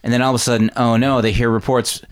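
A man co-hosting a podcast, giving a rambling, animated recap of a horror film. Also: medium pitch, fast talker. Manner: rambling, animated retelling with quoted voices. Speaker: podcast co-host. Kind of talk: casual movie recap.

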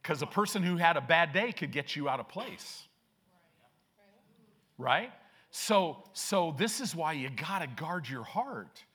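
A man's voice: on the high side, animated, unhurried, sharp tone, breathy edge. A man preaching a sermon as pastor, emphatic and repetitive, with frequent restarts.

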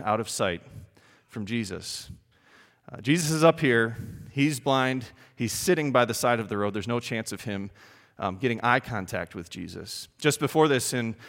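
A man preaching a sermon in an animated, emphatic way, often putting questions to his congregation. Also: medium pitch, big-room sound. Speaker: pastor.

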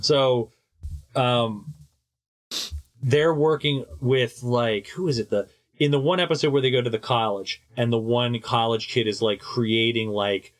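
Man calmly summing up a show. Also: mid-range voice, a little slow. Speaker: podcast co-host. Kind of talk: casual chat.

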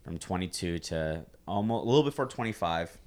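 Deep-voiced young man telling a story. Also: animated, a little fast. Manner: loose, profane, rambling with many "like"s. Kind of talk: casual storytelling chat.

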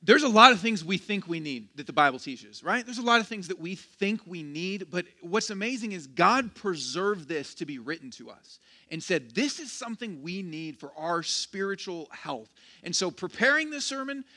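A man's voice: sits high, sing-song, normal speed, hardly any pauses, bright, forceful tone. A man preaching a sermon as pastor, casual and joking, with self-deprecating asides and frequent restarts. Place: church.

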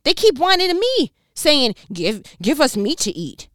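A woman's voice: sits high, big pitch swings, unhurried, a bit bright, dry recording, studio quality, pitched above the performer's own voice, full character voice. A woman doing a distraught prophet crying out. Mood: anguished. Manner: pleading and anguished. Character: distraught, exasperated male prophet.

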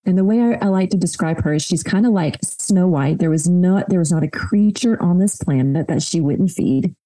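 A woman's voice: fairly low pitch, moderate pace, warm tone, no room sound, poor audio. A woman in her thirties, a podcast guest, telling a heartfelt personal story in a reflective way, often repeating words as she gathers her thoughts.

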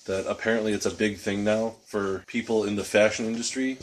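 A man's voice: fairly low pitch, flat delivery, a little fast. A man co-hosting a podcast, chatting casually and telling rambling anecdotes with frequent restarts. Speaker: podcast co-host. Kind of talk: casual chat.

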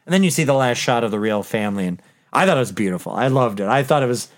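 A man's voice: mid-range voice, animated, fast talker. A man in casual podcast chat, retelling a movie's scenes and acting out the characters' lines. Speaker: podcast co-host.

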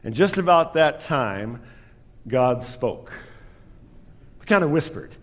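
A man's voice: on the high side, animated, measured pace, long pauses, in a large hall. A man preaching a sermon as pastor, telling a story with self-deprecating humor.

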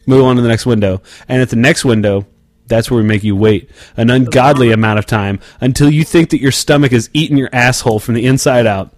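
A man's voice: medium pitch, a little fast, no room sound. A man chats on a podcast with a cutting, sarcastic edge and plenty of swearing. He tends to spin a complaint into a long, exaggerated rant. The sound is dry and close. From Oklahoma. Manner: sarcastic, profane, plays mock drive-thru clerk. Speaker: podcast co-host. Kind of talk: casual banter.

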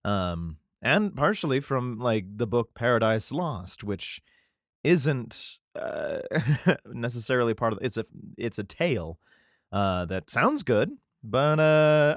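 A man's voice: mid-range voice, very animated, slow, dry recording, studio quality. A man casually reading scripture aloud and riffing on it, rambling, laughing often and swearing freely. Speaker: reader commenting on scripture.

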